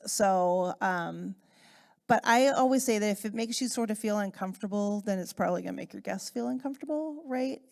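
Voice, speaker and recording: A woman with a gravelly, creaky voice speaking on a panel. Her delivery is measured and casual. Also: medium pitch, darkish tone. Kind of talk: panel discussion.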